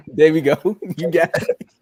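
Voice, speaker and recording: A man co-hosting a sports podcast, telling stories in an animated way and laughing often. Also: fairly high pitch, a little hiss or hum. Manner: animated storytelling, laughs a lot. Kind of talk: casual sports talk.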